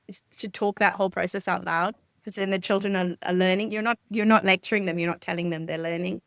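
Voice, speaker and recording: A woman's voice: fairly low pitch, fairly even intonation, fast talker, vocal fry, hardly any pauses, a bit bright, no room sound, clean studio sound. A woman speaking as a family counsellor guest on a podcast, explaining ideas in an earnest, conversational way. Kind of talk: conversational interview.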